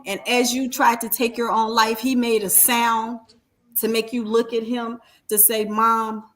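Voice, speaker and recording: A woman's voice: on the high side, level tone, unhurried. A woman speaking in a faith-filled testimony talk, emphatic and repeating phrases for weight.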